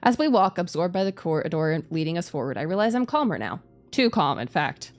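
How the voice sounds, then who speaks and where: Sing-song and a little fast, this woman's lowish voice plays over soft background music. A VTuber streamer, she reads a story game aloud with live commentary, dropping into laughing, playful asides.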